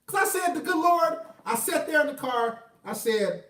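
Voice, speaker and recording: A man tells a story casually, cursing freely and jumping from loud outbursts to low mutters. His pitch swoops widely. He sits away from the mic in a room with a roomy echo. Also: moderate pace, far from the mic. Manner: animated and profane, swinging between loud outbursts and low mutters. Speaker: vlogger telling a personal story.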